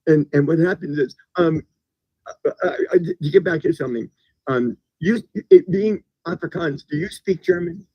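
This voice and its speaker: A man from the United States, a guest in a casual conversation, who talks haltingly and repeats words as he starts his sentences. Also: a little high, dry recording. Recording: dull lo-fi recording.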